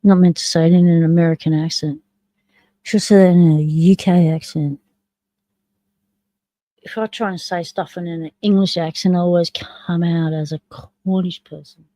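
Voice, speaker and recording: A woman hosting a live stream in casual chat. She talks to herself as she runs the stream software and comments along with a video. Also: fairly low pitch, steady tone, moderate pace, no room sound, low-quality recording.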